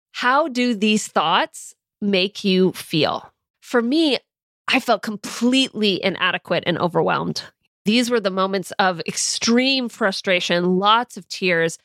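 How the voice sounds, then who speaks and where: A young woman with a medium-pitched, fairly bright voice gives a teaching monologue as a mindset coach, mixing in personal stories. She speaks earnestly yet casually, acting out her own anxious thoughts as examples. The studio-quality recording has no room sound.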